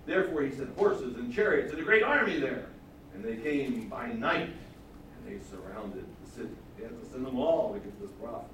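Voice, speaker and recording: A man preaching a Bible lesson, telling the story with animated voices for the characters. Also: mid-range voice. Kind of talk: Bible teaching sermon. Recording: echoey hall, distant mic, faint noise.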